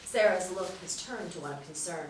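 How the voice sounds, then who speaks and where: A woman narrating a script reading, giving the stage directions in a crisp, matter-of-fact way. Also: lowish voice, a little fast. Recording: roomy, distant mic, faint noise.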